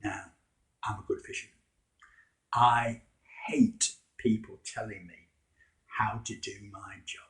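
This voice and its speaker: A man's voice: on the low side, little pitch movement, slow, pauses often, fairly bright tone. A man telling a story in the first person as a fisherman disciple, in a wry, conversational, self-mocking way.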